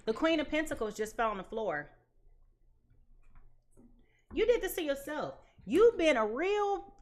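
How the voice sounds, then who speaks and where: A woman giving a live tarot reading in a blunt, emphatic way, repeating her points. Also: sits high. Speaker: tarot reader.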